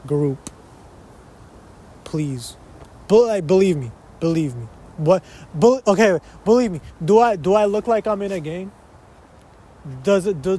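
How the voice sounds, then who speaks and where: A man's voice: a little high, warm tone, slight background noise. A young man hosting a podcast in casual solo chat. He rambles, cuts himself off, swears and slips between English and Spanish. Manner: rambling, self-interrupting, sprinkles in curse words. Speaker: podcast host. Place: a spot in an uptown neighborhood of a big city.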